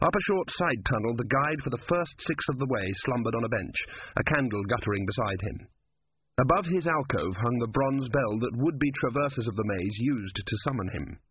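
A man narrating a story in a measured, even storytelling voice, recorded with a dry, phone-like sound. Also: mid-range voice, slightly rough. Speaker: audiobook narrator. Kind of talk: scripted narration.

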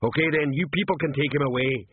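A man doing a slow literal troll sergeant. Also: husky. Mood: deadpan. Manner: slow, literal-minded, rumbling, plain grammar. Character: big slow-witted male troll sergeant. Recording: tinny dry phone-like sound.

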